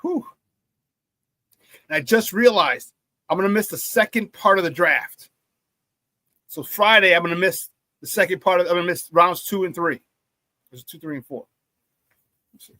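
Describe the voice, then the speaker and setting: A man hosting a live-streamed sports talk show, reading viewer chat in an excitable, hyped way, laughing often and using slang. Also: high-pitched, moderate pace, pauses often, no echo.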